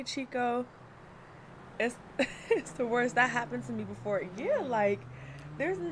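A young woman with a slightly high voice chats casually on a livestream, laughing and greeting viewers by name. There's slight background noise.

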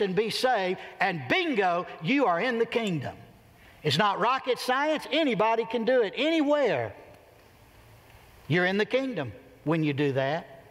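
High-voiced preacher in a reverberant church. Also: male voice, fairly bright tone. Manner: emphatic preaching with sudden shifts between high and low pitch. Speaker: pastor. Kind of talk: sermon. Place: church sanctuary. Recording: long reverb of a church hall.

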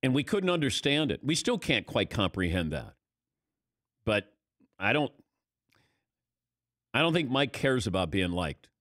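A male sports talk host riffs casually in a mid-pitched voice that swoops up for emphasis. He restarts sentences often and talks with lively movement. The sound is close and dry. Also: unhurried, long pauses, no room sound.

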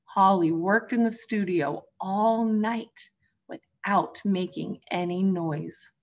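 A woman teacher reading a picture book aloud to young children, gently addressing them as friends. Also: mid-range voice, takes it slowly, muffled recording. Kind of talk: storybook read-aloud for children.

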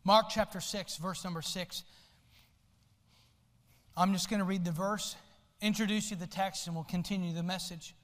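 A male pastor preaching a sermon, swinging from soft low asides to loud shouted lines. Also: steady tone, normal speed, long pauses. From United States. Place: church sanctuary. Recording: long hall reverb in a church.

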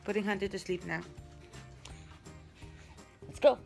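A woman's voice: mid-range voice, measured pace, gravelly, a little mellow, soft background music. A young woman, a mother chatting casually to the camera and coaxing her small kids. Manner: talks to her small children in a soothing, coaxing way. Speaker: vlogger and mother. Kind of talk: casual family vlog chat.

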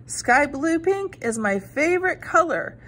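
A woman's voice: high voice, sing-song, measured pace, a bit bright, voice pushed up, exaggerated voice. Woman doing an eager young hen heroine. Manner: eager, breathless.

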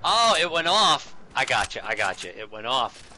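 A man in his forties streaming a game with his son, excitable and laughing, thanking viewers by name. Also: mid-range voice, normal speed, slight background noise. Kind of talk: casual game-stream chat.

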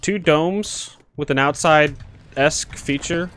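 A man giving live gameplay commentary as a streamer, excitable, swearing a lot and yelling at enemies. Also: a little high, slow, slight background noise. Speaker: gaming streamer.

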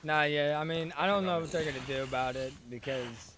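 A man's voice: on the high side, fairly quick, a bit bright, a little hiss or hum. A man in casual voice chat with fellow gamers, telling stories in a rambling, slangy way.

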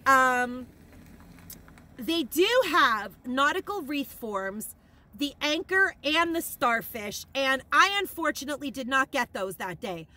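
A woman in a casual shopping haul vlog, gushing and rambling with excitement, emotional and near tears at times. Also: high-pitched, takes it slowly. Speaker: haul vlogger.

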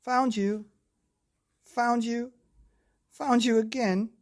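A man's voice: high voice, huge pitch swings, unhurried, a little mellow, voice pushed up, full character voice. A man reading aloud, voicing a cheerful little boy in a bedtime story.

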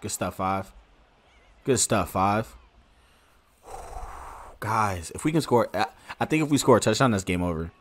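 A man streaming a football video game, giving excitable, slangy live commentary and talking to his viewers. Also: on the low side, unhurried, long pauses, slight background noise. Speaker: gaming streamer. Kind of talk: casual live gameplay commentary.

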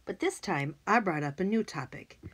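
A woman reads a children's audiobook aloud. Her voice sits a little low for a woman and moves a lot in pitch, giving an expressive, lively reading. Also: moderate pace, breathy edge. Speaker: audiobook narrator. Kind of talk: scripted narration.

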